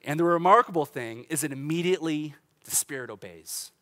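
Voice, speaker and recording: A middle-aged pastor gives an animated, casual sermon in a church sanctuary, laughing and restarting as he goes. His pitch runs on the high side and he talks a little fast.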